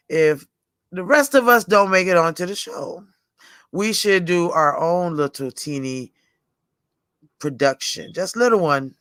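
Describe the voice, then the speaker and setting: A woman's voice: low-pitched, fairly bright tone, dry recording, clean studio sound. A woman in her forties hosting a livestream in rambling, casual chat, often laughing. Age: 40s. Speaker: livestream host.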